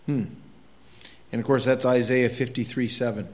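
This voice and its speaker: A man's voice: medium pitch, steady tone, normal speed, a little mellow. A middle-aged man preaching a sermon as pastor, talking casually with the congregation, asking them questions, and reading scripture aloud with growing intensity.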